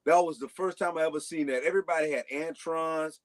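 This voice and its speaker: A man's voice: on the high side, quick pace. A man telling long casual stories as a guest on a talk show, rambling with frequent restarts. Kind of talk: casual storytelling.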